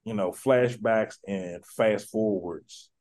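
A man's voice: on the low side, slow, darkish tone. A man hosting a casual podcast, talking in a laid-back way and leaning on filler words. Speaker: podcast host.

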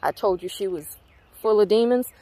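A woman's voice: medium pitch, normal speed, mellow, dry recording. Profane Southern woman ranting. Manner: profane, blunt, emphatic. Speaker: spiritual channel host. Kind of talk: heated rant to viewers.

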